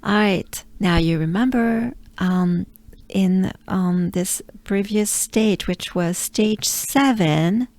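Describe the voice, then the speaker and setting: French woman drilling slow pronunciation. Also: mid-range voice, no room sound. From France. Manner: slow exaggerated drilling of sounds, with soft asides. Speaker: pronunciation coach. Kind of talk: pronunciation lesson. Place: outdoors.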